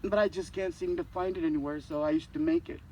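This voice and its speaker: A man's voice: fairly high pitch, steady tone, fast talker, darkish tone, slight background noise. Older man telling a joking eulogy. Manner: folksy and joking, acts out dialogue. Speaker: eulogy speaker, friend of the deceased. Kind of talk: storytelling eulogy. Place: church service.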